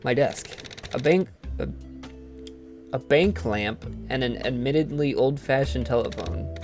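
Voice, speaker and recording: A wisecracking ghost gumshoe, read out by a man in a dry, world-weary tone and a middling pitch. The game's music plays faintly behind him. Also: a little slow, a little mellow, close to an everyday voice. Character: wisecracking ghost private detective man, hard-boiled.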